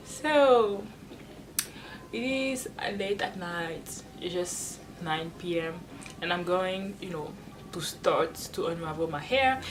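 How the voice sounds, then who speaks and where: A woman's voice: on the low side, noisy background. A woman vlogger chatting casually to the camera at home, rambling along with frequent restarts and little laughs. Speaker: hair-care vlogger. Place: at home, seated in front of a wall. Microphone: camera placed off to the side.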